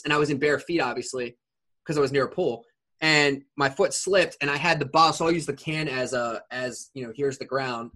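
A man in his forties telling a rambling story in a casual chat, full of fillers. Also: medium pitch. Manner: rambling, filler-heavy, animated retelling.

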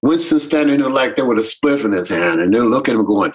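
A husky, slightly breathy man with a lilt, leading a reggae band and talking through his stories. He tells them animatedly, slipping into the voices of the people he quotes. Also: mid-range voice, lively intonation, brisk, low-quality recording. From Jamaican American. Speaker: reggae bandleader. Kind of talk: casual interview storytelling.

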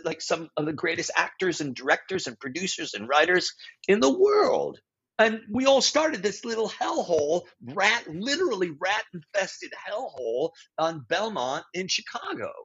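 Slightly rough and a bit bright, the voice sits high as a man in his sixties, a guest improviser and teacher, tells stories during an interview. He keeps restarting, correcting himself and dropping blunt asides, sometimes swearing, all captured on dull lo-fi audio.

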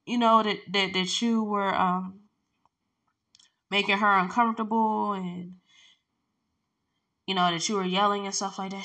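A woman's voice: mid-range voice, measured pace, long pauses. Woman rambling through a story. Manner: rambling, animated, acts out quoted exchanges with filler words. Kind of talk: casual storytelling vlog.

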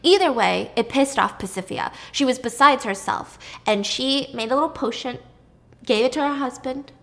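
A woman's voice: high-pitched, normal speed, gravelly, a bit bright. Chatty, irreverent woman storyteller. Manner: chatty and irreverent, swears freely. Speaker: storyteller host. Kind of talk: casual mythology retelling.

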